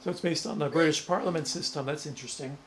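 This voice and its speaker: A man's voice: on the high side, fast, crowd noise. Man musing aloud over an episode. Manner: thinks aloud, muses and guesses while watching. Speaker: reaction video host. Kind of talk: casual reaction commentary.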